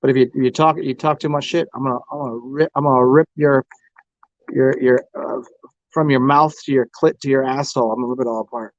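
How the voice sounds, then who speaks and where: A man's voice: mid-range voice, steady tone, brisk, no room sound, highs cut off. An American man hosting a casual tarot livestream, rambling and crude, taunting the people who join. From United States. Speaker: livestream host reading tarot.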